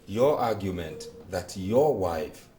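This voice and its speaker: An actor with a Nigerian accent playing a friend who firmly scolds and reasons with the husband. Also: male voice, low-pitched, expressive, takes it slowly, dark tone, reverberant, a little hiss or hum. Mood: earnest. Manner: firm, scolding. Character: blunt friend defending his girlfriend.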